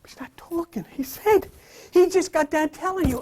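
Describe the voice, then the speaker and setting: In a very high, brisk voice, this man delivers a Bible lesson sermon-style. He preaches with emphasis and repetition, shifting from loud to a whisper, and frequently tests his audience with questions.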